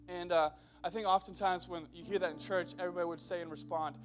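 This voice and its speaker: Young male pastor, high-pitched, jokey sermon style that turns earnest, stage mic in church. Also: steady tone, fast talker, music in the background. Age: young adult. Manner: joking storyteller who builds into earnest exhortation. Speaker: preacher. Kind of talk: humorous sermon. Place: church auditorium before a congregation.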